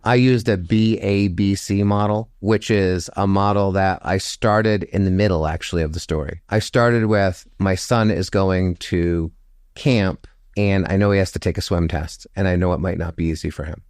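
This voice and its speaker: A man in his fifties telling a personal story in an interview, animated and reflective, acting out the people he quotes with sudden jumps in pitch. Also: normal speed, no echo, studio quality. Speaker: storytelling guest.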